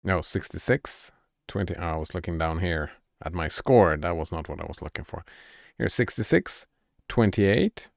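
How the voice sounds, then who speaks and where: Deep gravelly man streaming a game. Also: normal speed, no echo, studio quality. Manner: chatty, thinks aloud and talks to chat. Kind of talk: casual gameplay commentary.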